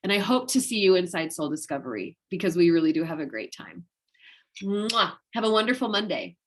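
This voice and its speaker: A woman's voice: lowish voice, very animated, quick pace. A woman wellness coach speaking straight to her viewers at the end of an online master class. She is openly emotional and affectionate, and she gushes with enthusiasm about her subject. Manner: gushing, enthusiastic. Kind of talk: heartfelt direct-to-viewer talk.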